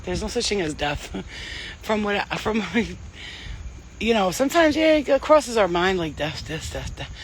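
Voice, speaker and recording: A woman's voice: medium pitch, very animated, unhurried, a little hiss or hum, low-quality recording. A woman psychic medium giving a casual spiritual reading and telling stories in a blunt, chatty way, swearing freely.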